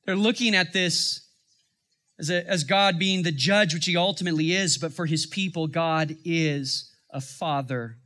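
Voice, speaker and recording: A man's voice: fairly high pitch, a little slow, bright, forceful tone. A man, a father of young children, preaching a sermon in a conversational style that rises into emphatic bursts. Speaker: pastor.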